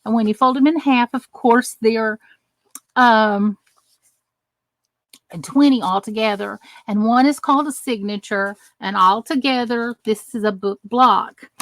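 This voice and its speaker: A middle-aged American woman hosts a live crafting tutorial on her channel, chatting and greeting viewers by name as she works with her hands. Her voice is a little high, unhurried and fairly bright, in a dry recording.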